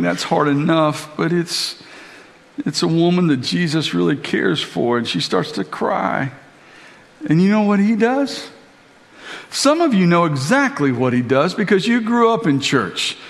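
Male pastor, slightly high voice, animated sermon delivery; big church hall with reverb. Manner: animated preaching, swinging from soft to emphatic.

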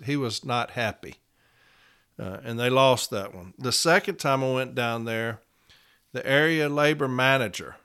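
A man's voice: medium pitch, a bit bright, smooth. Plain-spoken man telling a story. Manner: plain-spoken storyteller, repeats numbers slowly. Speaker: union representative. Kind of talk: casual podcast monologue.

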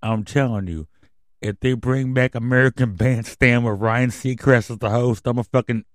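A man's voice: medium pitch, steady tone, moderate pace, no echo, clean studio sound. A man hosting his own radio show, delivering a crude, rambling, conspiratorial rant full of swearing and ending on an emotional, subdued note. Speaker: podcast host. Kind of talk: profane ranting monologue.

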